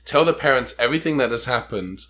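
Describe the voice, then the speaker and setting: Joking man recapping a film. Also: fast talker. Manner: dry, joking, lively pitch. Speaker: podcast co-host. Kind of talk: casual chat recapping a film.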